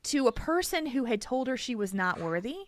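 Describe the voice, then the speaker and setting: A woman hosting a podcast, telling a story in an animated, emphatic way and laughing often. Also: a little high, brisk. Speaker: podcast host. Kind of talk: casual chat, storytelling.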